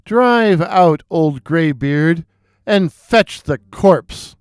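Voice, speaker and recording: Evil old stepmother in a folktale: shrill, scolding, loud, voiced by a male storyteller. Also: lively intonation, drawn-out words, clean tone, no room sound, clean studio sound. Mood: bossy. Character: cruel shrill old stepmother, bossy and furious.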